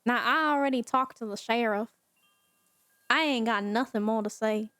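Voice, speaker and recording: A woman's voice: on the high side, moderate pace, a bit bright, dry recording, studio quality, lightly acted. A woman reading aloud as a thirty-eight-year-old Southern housewife, half-trying a country accent. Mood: guarded. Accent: American Southern, put on. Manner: reads game dialogue aloud, half-attempting a country drawl.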